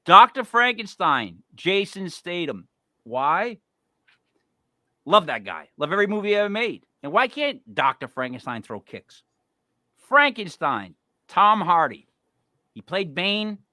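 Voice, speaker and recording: Animated, joking podcast host man. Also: sits high, unhurried, no room sound, studio quality. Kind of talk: casual comedic chat.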